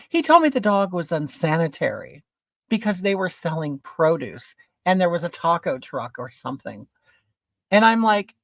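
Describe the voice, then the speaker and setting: A man's voice: high voice, sing-song, slow pace, no room sound. A man in a drag persona, telling an indignant, dramatic story in a vlog. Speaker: vlogger.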